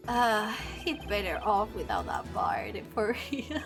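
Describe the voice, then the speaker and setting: A woman streamer casually commenting on a game while she plays, chatty and quick to laugh. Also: mid-range voice, huge pitch swings. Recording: game music playing behind.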